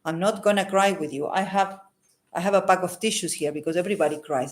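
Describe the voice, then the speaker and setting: Earnest low-voiced woman healer. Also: quick pace. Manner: earnest, repeats phrases for emphasis, adds a questioning "hmm?". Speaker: holistic healer and psychic. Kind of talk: unscripted advice monologue to camera.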